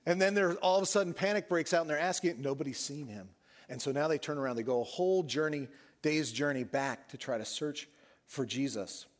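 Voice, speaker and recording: Guy preaching a sermon in church, bit high voice, gets lively then goes quiet to make a point. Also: a little fast. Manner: animated storytelling, dropping soft for emphasis. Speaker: pastor.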